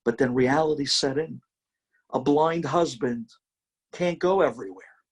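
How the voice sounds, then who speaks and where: A man's voice: medium pitch, measured pace, breathy edge. A man, a rabbi, telling a story in a sermon with dramatic emphasis.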